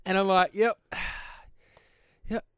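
A man's voice: high-pitched, little pitch movement, takes it slowly, clean tone, no echo, studio quality. A young adult man telling a story on a podcast, laughing often and acting out the voices he quotes. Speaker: podcast co-host. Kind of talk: casual storytelling chat.

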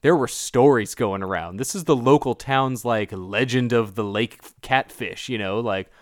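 Male podcast co-host, mid-pitch, lively anecdotal storyteller, dry studio sound. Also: moderate pace, dry recording. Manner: animated storyteller, mimics voices in anecdotes. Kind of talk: casual podcast chat about a film.

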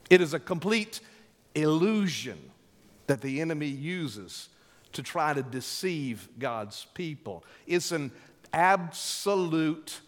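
A male pastor with a voice on the high side preaches a sermon, drawing out his words emphatically and calling for responses from the congregation. The recording carries a long hall reverb.

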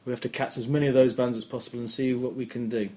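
A man hosting a podcast in casual chat, halting often with restarts and fillers as he talks. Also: medium pitch, level tone, a little mellow, soft background music. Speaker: podcast host.

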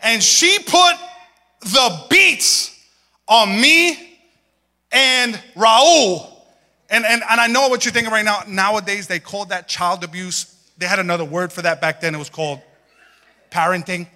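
Animated preacher in a big hall. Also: male voice, high-pitched, measured pace, pauses often. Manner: animated storytelling, acts out voices and laughs. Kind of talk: sermon. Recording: hall reverb.

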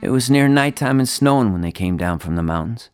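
A man reading his own short story aloud in a quiet, plain, unhurried manner, spoken-word style. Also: medium pitch, expressive, faint music behind.

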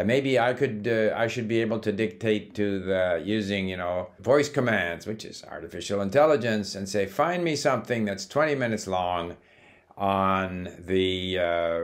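A man talking in a casual, thinking-aloud monologue about language learning, with frequent fillers and restarts. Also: on the low side. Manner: thoughtful, musing, with many fillers and restarts. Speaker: language-learning app founder.

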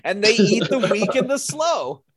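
A young man chatting casually as a podcast co-host, joking and mocking with quick impressions. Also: high-pitched, sing-song, over a noisy crowd. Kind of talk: casual chat.

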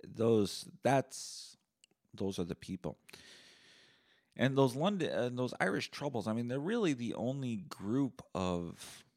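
A young Canadian podcast host with a mid-range voice launches into a solo rant, taking it slowly. He's sarcastic and profane, and the ranting is animated.

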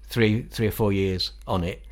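A middle-aged man with a Northern English accent, a musician guest telling animated stories in a casual interview. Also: lowish voice, normal speed. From England. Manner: animated, quotes others in acted-out voices, laughs often.

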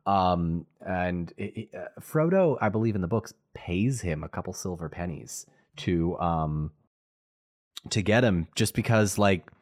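A man's voice: sits low, lively intonation, measured pace. A man guesting on a podcast, telling lore and cracking playful jokes in casual chat. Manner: joking, playful storytelling.

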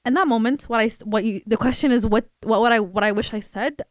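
A young woman with a high, bright-pitched voice tells stories in an animated, casual way, swearing freely and laughing often. The sound is dry and close, with almost no room around it. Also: quick pace, no echo. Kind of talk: casual chat.

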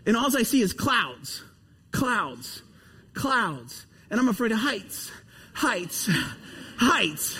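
A man preaching a sermon, telling a story with animated, emphatic repetition before leading a prayer. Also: high-pitched, takes it slowly, pauses often, slightly rough, long reverb tail. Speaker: pastor.

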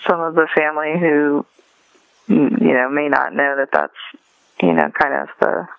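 A woman author being interviewed over a phone line, hesitant and soft, with many fillers. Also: low-pitched, fairly even intonation, moderate pace, creaky, no room sound. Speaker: author and guest.

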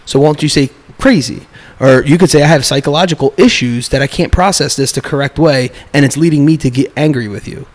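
A man in casual conversation, talking in an animated way, restarting his sentences and acting out what other people say. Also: on the high side, brisk, few pauses. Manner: animated, restarts often, acts out quoted speech.

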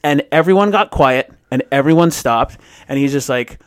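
Man, podcast co-host, rambling anecdotes, quick and profane, laughs a lot. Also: mid-range voice, smooth. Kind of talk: casual podcast chat and anecdote.

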